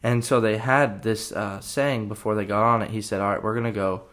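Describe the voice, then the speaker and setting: A young college football player talks through a story on his own podcast. His voice sits a little low, and his delivery is loose and conversational. He leans on "you know" and "uh" as he goes. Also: a little fast. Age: young adult. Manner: relaxed, rambling, full of "you know" and "uh" fillers. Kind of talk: casual storytelling.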